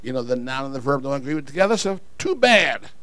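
A man preaching a sermon, swinging from quiet, low asides to shouted calls to the congregation. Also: very animated, fast talker, dry recording. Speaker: pastor.

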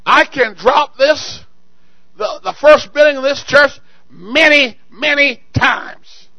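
High-voiced preacher who shouts and repeats. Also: male voice, slow pace, gravelly, no room sound, highs cut off. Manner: swings from low asides to shouted exhortation, repeats words. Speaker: pastor. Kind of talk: sermon. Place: church sanctuary.

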